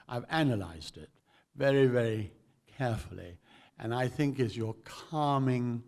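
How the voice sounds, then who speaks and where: A man hosting a stage interview, halting often with ums and restarts as he poses questions. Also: mid-range voice. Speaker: interviewer, event host.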